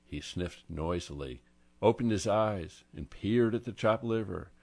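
A man narrating a mystery story in a measured storytelling manner. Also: on the low side, lively intonation, creaky, darkish tone. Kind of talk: story reading.

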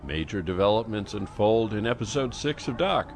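A man narrating a story in a measured, even storytelling manner, as an audiobook reader. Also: fairly low pitch, slight background noise. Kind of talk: scripted narration.

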